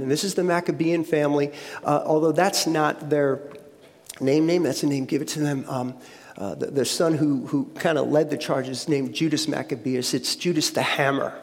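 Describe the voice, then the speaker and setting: A man's voice: on the high side, fairly even intonation, normal speed. A man giving a conversational sermon as a guest speaker, often repeating words and checking in with the audience. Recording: long hall reverb.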